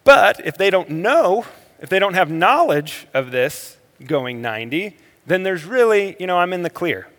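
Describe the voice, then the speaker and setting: A man preaching a sermon as a pastor, moving between energetic emphasis and quiet, slow reflective passages. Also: high-pitched. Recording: long hall reverb.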